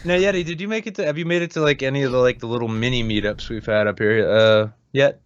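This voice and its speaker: A man's voice: mid-range voice, quick pace, smooth, lo-fi sound. A man, hosting a podcast in casual chat, sarcastic and swearing freely. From New Hampshire. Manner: profane, sarcastic, animated ranting. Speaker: podcast host.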